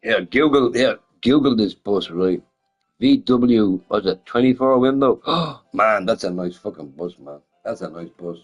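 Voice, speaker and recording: A man's voice: lowish voice, animated, a little slow, lo-fi sound, soft background music. A man chatting casually on a stream, swearing often, laughing and firing off rhetorical questions. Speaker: gaming streamer chatting with viewers. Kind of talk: casual rambling chat.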